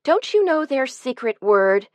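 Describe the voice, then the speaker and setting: A cheerful, teasing young den mother, as a woman narrator voices her, bright and enthusiastic. Her voice rides a little higher with lively rises and falls, recorded dry and close. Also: unhurried, no room sound. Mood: playful.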